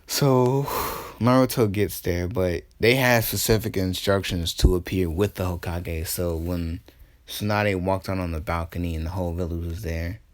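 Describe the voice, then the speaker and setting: A young man with a slightly low-pitched voice telling a fan story off the cuff. He is laid-back and profane, and he trails off with plenty of ums and laughs at his own jokes. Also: fairly even intonation, normal speed. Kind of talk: casual fan-fiction storytelling.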